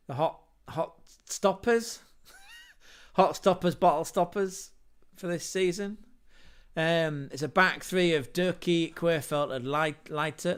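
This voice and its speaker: A man's voice: fairly high pitch, fairly bright tone, smooth. A man hosting a casual football livestream, running through team lineups with jokey asides, wordplay and self-corrections. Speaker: football podcast host.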